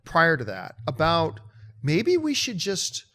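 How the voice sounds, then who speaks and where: A man hosting a movie show, chatting casually and telling a story with lively mimicry of other people. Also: slow pace. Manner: animated storytelling, mimics others in high excited voice. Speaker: show host. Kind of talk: casual chat.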